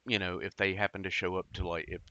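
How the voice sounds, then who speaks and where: A man's voice: low voice, level tone, fast, sharp tone, dry recording, lo-fi sound. A man casually telling a personal story, rambling and profane, with lots of fillers and restarts.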